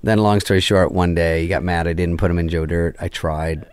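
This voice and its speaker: A middle-aged man with a deep, low voice tells a story as a guest in a casual chat. He swears freely and acts out what each person in it said. His voice is close and dry, with no room around it. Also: fairly quick, clear, resonant tone, no room sound. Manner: profane, animated, acts out quoted lines.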